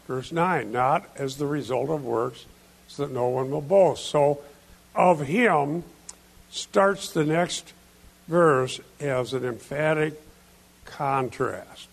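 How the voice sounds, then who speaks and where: A man's voice: on the high side, creaky. A male pastor giving an expository sermon, explaining scripture with emphatic points. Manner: emphatic, explains Greek word order and scripture.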